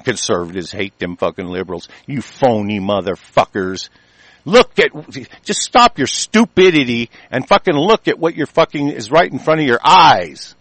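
A man delivering an angry, heated political rant full of profanity, with sudden louder bursts. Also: mid-range voice, creaky, dry recording.

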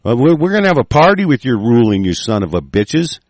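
Angry guy ranting on his show, raspy gravel in the voice, swears nonstop, keeps restarting. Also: medium pitch, sing-song, a little fast, darkish tone, no echo. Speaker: talk show host. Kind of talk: profane political rant.

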